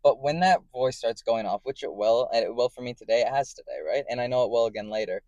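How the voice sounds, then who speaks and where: A man talks straight to camera in a loose vlog monologue. His voice sits in a middle pitch, recorded dry and close. He rambles, restarts his phrasing and keeps checking that the listener is following. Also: fast, a little mellow, dry recording. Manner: rambling and self-correcting, often checking in with "right?". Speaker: vlogger. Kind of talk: casual explanatory monologue.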